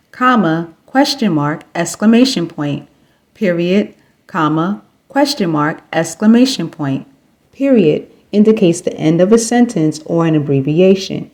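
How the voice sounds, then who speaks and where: A woman narrating a scripted grammar lesson in a measured, deliberate way, spelling out each punctuation mark. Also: fairly low pitch, a little mellow. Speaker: grammar teacher.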